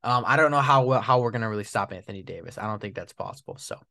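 A man's voice: lowish voice, quick pace, vocal fry, no echo, studio quality. A man hosting a solo sports podcast, venting with frustration and repeating his points. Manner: frustrated, repetitive, animated complaining. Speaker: podcast host.

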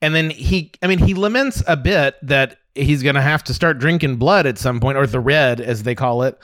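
A man co-hosting a movie podcast, giving a thoughtful, measured critique in casual conversation. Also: mid-range voice, fairly bright tone, no echo, clean studio sound. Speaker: podcast co-host reviewing movies. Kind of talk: casual chat.

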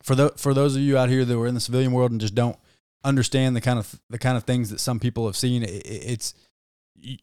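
A man's voice: mid-range voice, fairly even intonation, quick pace, a little mellow, clear, resonant tone, no echo, studio quality. Heated, swearing male podcast co-host. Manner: heated, swears a lot, ranting. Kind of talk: casual podcast chat.

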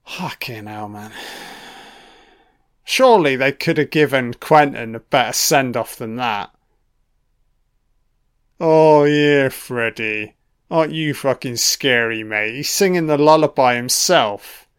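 A man's voice: mid-range voice, slow pace, long pauses, clear, resonant tone. A man giving casual audio commentary on a film, with profane, sardonic running reactions.

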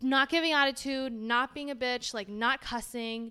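A woman's voice: a little high, fairly even intonation, normal speed, pushed and bright, clean tone. A young woman co-hosting a casual chat, telling a story with lots of acted-out quotes and casual swearing. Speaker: podcast co-host.

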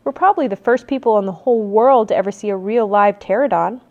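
A woman's voice: mid-range voice, fast talker, darkish tone, highs cut off, close to an everyday voice. A woman voicing a cautious, bookish young boy with a blunt, exasperated way of talking. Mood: matter-of-fact.

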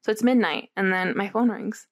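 A young woman telling a story in casual chat, animated and swearing freely, often checking in with her listener. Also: medium pitch, moderate pace.

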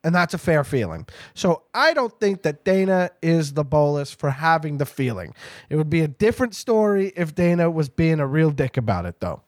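High-voiced, animated male podcast host. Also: normal speed, no room sound, studio quality. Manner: animated, rambling, jokey. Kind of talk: casual chat.

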